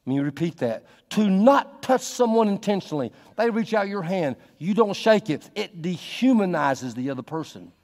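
A man preaches with a slightly raised pitch, his voice trailing off into a long hall reverb. He swings between quiet, intimate stretches and loud, emphatic bursts. It is a pastor's sermon from the pulpit.

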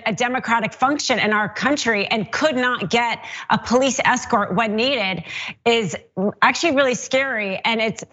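Woman co-host on a news show, earnest and measured, kinda high voice, muffled lo-fi audio. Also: a bit bright. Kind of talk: news commentary.

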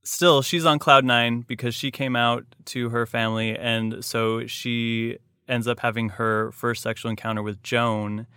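A man hosting a podcast in casual chat, playful and quick to laugh. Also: mid-range voice, steady tone, bright, forceful tone, clear, resonant tone, no echo, clean studio sound. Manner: playful, laughs often, acts out quotes. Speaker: podcast host.

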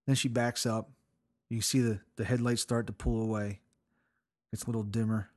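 A man's voice: medium pitch, flat delivery, moderate pace, long pauses, a little mellow. A man hosting his own podcast alone, telling rambling, profane, self-mocking stories with bursts of laughter. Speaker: podcast host. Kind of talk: casual solo storytelling.

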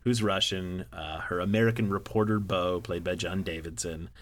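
A man co-hosting a podcast, recapping a movie in casual chat with deadpan, wry asides. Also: deep voice, moderate pace. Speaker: podcast co-host.

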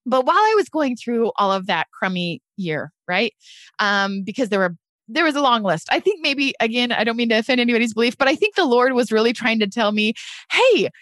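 A woman's voice: on the high side, expressive, a little fast, fairly bright tone, dry recording, clean studio sound. A middle-aged woman telling her story as a podcast guest, earnest and emotional, often addressing listeners as "you guys". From United States.

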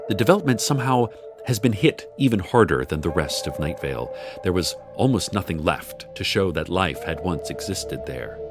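Deep-voiced man narrating calmly. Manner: calm, measured storytelling. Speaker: radio host narrator. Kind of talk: scripted narration. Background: music.

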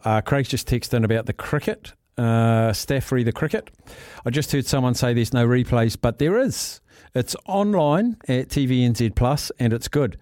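Conversational male talk-radio host, mid-pitched, dry close studio mic. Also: a little mellow, no room sound. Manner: chatty and conversational.

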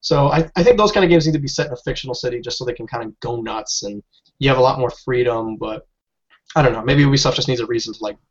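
Fast-talking ranting man, lo-fi sound. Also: mid-range voice, breathy edge. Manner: ranting, animated, swears freely. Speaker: podcast co-host. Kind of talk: casual gaming chat. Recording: dull lo-fi audio.

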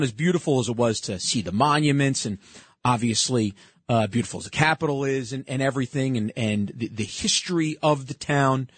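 A man's voice: medium pitch, breathy edge, dry recording. A man hosting a talk show, commenting sarcastically on played clips and often cutting in.

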